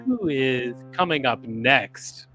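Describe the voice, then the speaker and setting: A man hosting a talent show with a drawn-out, sing-song showman delivery. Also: mid-range voice, sing-song, sharp tone, faint music behind.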